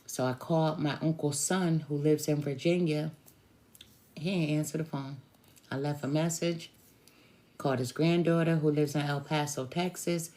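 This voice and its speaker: A woman tarot reader telling a personal story to her viewers in a slow, drawn-out conversational way, with sighs. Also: sits low, steady tone, mellow.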